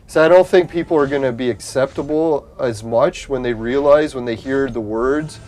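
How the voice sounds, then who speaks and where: A man chats casually on a livestream, rambling and swearing, laughing at his own points and speaking directly to his chat viewers. His mellow, medium-pitched voice keeps a moderate pace with hardly any pauses.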